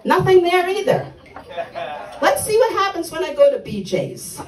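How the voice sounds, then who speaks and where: An older woman doing a stand-up comedy set on a club stage, delivering blunt, dark one-liners with punchy timing. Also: very high-pitched, big pitch swings, normal speed, roomy sound, far from the mic, low-quality recording.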